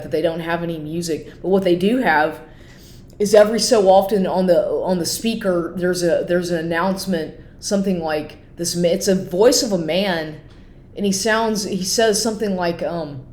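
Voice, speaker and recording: A woman's voice: fairly low pitch, normal speed, darkish tone, echoey room. A woman talking casually in a rambling monologue, full of "like" fillers.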